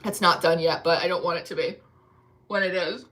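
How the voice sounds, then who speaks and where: Woman, tarot reader, casual reading to camera, bright tone, rambling, filler words. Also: fairly low pitch, fairly even intonation, fairly quick. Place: at home.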